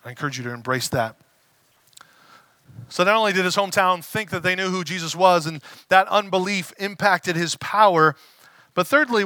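A man preaching a conversational sermon as a pastor, casual and animated, acting out the voices he quotes. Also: sits high, moderate pace, no room sound.

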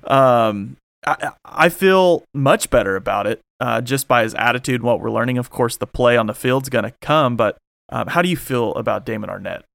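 A man's voice: mid-range voice, normal speed, creaky, a bit bright, no echo. Man, podcast host, casual sports chat, rambling, dry recording. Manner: rambling, many fillers.

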